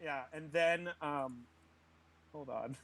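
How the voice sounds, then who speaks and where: Man, tabletop player, high voice, giggly, halting. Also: fairly bright tone. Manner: giggly, halting rules talk. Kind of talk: playing a tabletop game.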